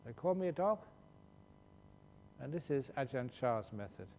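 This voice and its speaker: A man's voice: animated, normal speed, vocal fry, darkish tone. A man, a Buddhist monk, answering questions at a meditation retreat in a humorous, storytelling way and laughing as he goes. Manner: humorous, laughs while telling stories. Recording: long hall reverb with faint low rumble.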